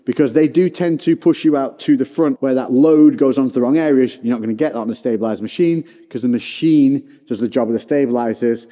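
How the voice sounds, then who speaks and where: A man's voice: mid-range voice, fairly quick, few pauses, mellow, long reverb tail. A man presenting a gym video, chatting as he describes his own pressing. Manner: chatty, self-narrating. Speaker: fitness presenter. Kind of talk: casual gym vlog talk.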